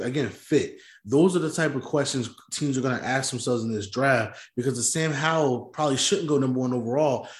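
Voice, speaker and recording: A man co-hosts a casual sports podcast and argues his points at length. His voice sits at a middle pitch and carries a roomy echo. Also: a little mellow. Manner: argumentative, explains at length. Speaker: podcast co-host.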